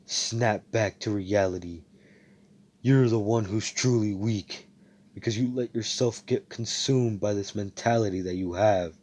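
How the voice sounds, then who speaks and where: A young man voicing a calm, stern male mage who lectures his rival firmly. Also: fairly low pitch, a little slow. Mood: lecturing. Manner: lecturing, firm.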